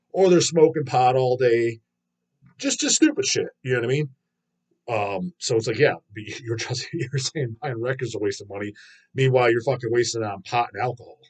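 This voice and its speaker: A man's voice: medium pitch, breathy edge. A man rants bluntly through viewer comments. His talk is loaded with swearing and has the loose, unscripted feel of a casual live stream. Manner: profane, ranting, blunt. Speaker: host reading viewer comments.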